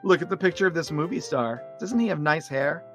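Man reading a wistful, chatty little girl, slightly higher. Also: lively intonation, fairly quick, fairly bright tone, faint music behind. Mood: dreamy.

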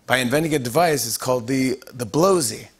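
A hoarse man who has lost his voice, hosting a late-night show and delivering a playful comedy monologue with banter. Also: mid-range voice, brisk, background noise. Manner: playful, laughing at own jokes.

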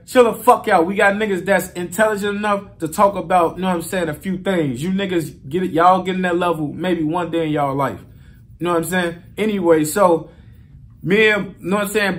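A man's voice: high voice, fairly bright tone. A man telling a swaggering street story as an interview guest, acting out other voices and sound effects. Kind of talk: casual storytelling.

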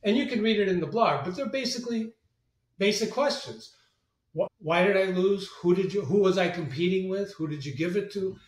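A man's voice: high-pitched, a little fast. A middle-aged man, a marketing agency president, telling business anecdotes as an interview guest and acting out the voices in them. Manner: animated, acts out quoted voices. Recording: echoey room, distant mic.

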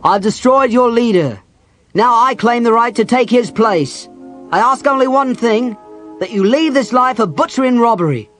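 A man reading an audiobook voicing a huge, commanding male warrior who declaims his words loudly. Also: animated, moderate pace, faint music behind. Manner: booming, declaiming. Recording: dry close studio.

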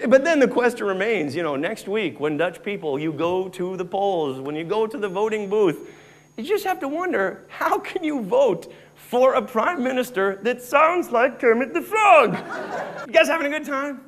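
High-voiced American stand-up comic. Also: male voice, normal speed. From United States. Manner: animated, slips into mock voices and Dutch phrases. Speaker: stand-up comedian. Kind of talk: live stand-up comedy. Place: theater stage before a laughing audience.

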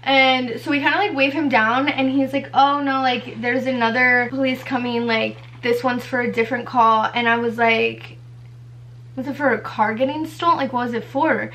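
Young woman vlogger, high bright voice, chatty storytime, animated and filler-heavy. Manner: animated, fast-paced retelling with many fillers and acted-out quotes. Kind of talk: casual storytime.

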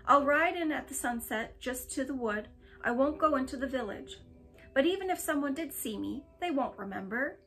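A woman reading aloud, voicing a calm, sensible middle-aged farm wife who speaks eagerly and matter-of-factly. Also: high voice, moderate pace, soft background music.

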